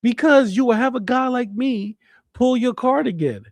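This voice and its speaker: A man's voice: very high voice, normal speed, no echo. A man ranting in heated commentary, repeating himself, swearing and trash-talking, recorded close on a desk mic indoors. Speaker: commentary streamer.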